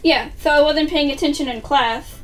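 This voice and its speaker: A high-pitched woman rattles through a casual storytime vlog, swearing freely and acting out what people said. She sits a little back from the mic, and faint music plays underneath. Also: normal speed, distant mic. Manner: chatty, swears casually, acts out quotes. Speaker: vlogger.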